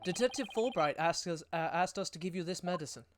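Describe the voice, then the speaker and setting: A woman voicing a wry adult male defense lawyer who reacts in a dry, deadpan way, in a fan voice-acted game. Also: on the low side, fast, music in the background, natural voice.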